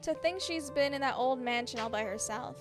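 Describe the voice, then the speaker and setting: A woman's voice: high voice, a little fast, over music, lightly acted. Woman reading as a chatty small-town young woman. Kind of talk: reading game dialogue aloud.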